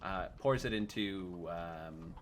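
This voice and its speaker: A man narrating as game master in a tabletop game, talking in a halting way with many fillers. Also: low-pitched, a little hiss or hum.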